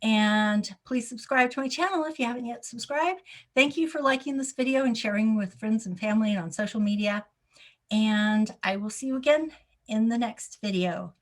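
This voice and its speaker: A woman astrologer giving a casual solo talk, repeating key points for emphasis and pausing on ums. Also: a little high. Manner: frequent ums and uhs.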